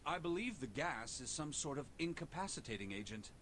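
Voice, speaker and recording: An actor voicing a composed, refined young man in a video game, formal and measured in his speech. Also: on the high side, very animated, a bit bright, a little hiss or hum. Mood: calm.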